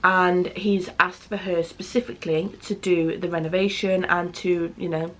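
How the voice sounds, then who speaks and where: A woman's voice: on the low side, level tone, moderate pace, a bit bright, slight background noise. Blunt, sweary woman chatting to camera. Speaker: book vlogger. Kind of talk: casual book review chat.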